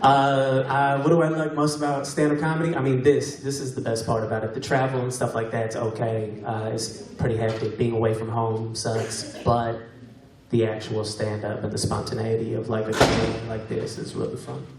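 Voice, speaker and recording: A man's voice: medium pitch, flat delivery, normal speed. A young man doing stand-up comedy crowd work, laughing and joking with the audience on a stage mic. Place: large venue with live audience. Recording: echoey venue recorded from a distance, crowd laughter.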